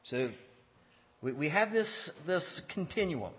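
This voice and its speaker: A man giving a measured theology lecture, explaining step by step with pauses and restarts. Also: fairly high pitch, big pitch swings. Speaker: teacher. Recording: dull lo-fi sound with long hall reverb.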